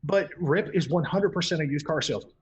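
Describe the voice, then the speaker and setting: A husky man with a fairly high voice rattles through casual podcast chat. He is blunt and foul-mouthed, and he keeps breaking into quoted voices that leap up in pitch. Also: fast talker. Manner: acts out quoted voices with big pitch jumps.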